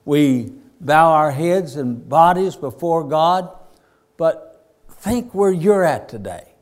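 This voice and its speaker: A man preaching a sermon, slow and deliberate, rising to emphatic points. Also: fairly high pitch, expressive. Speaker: pastor.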